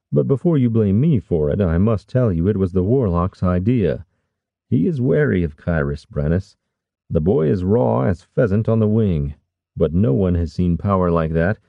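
Sly conspiratorial older lord, a man reading, raised a bit from a deep gravelly base. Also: dry recording, narrow, tinny audio. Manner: scoffing, wry, conspiratorial. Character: sly scheming older male lord, amused.

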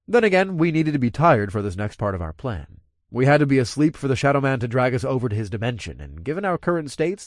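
Expressive male audiobook narrator. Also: medium pitch, no room sound, studio quality. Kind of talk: first-person fiction narration.

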